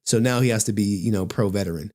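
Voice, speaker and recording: A man's voice: on the low side, fast talker, darkish tone. Sarcastic man hosting an indignant commentary. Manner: sarcastic, exasperated, swears and laughs at what he reads. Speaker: commentary channel host. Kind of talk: reaction commentary, reading a statement aloud.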